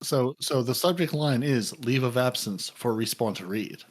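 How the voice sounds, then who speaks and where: A man's voice: mid-range voice, moderate pace. A man hosting a podcast in casual chat, rambling playfully with jokey asides while thanking listeners. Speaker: podcast host.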